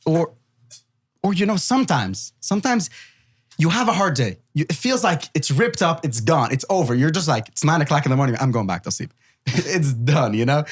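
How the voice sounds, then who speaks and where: A man's voice: fairly high pitch, moderate pace, breathy edge, no echo. A man guest, a magician, chatting casually on a podcast and acting out quoted people with lots of laughter. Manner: animated storyteller, acts out quotes, laughs often. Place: studio.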